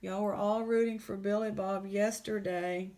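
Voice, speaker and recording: A woman, casually chatting in a jewelry vlog, excited and exclaiming in shock. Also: mid-range voice, normal speed. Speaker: jewelry unboxing vlogger.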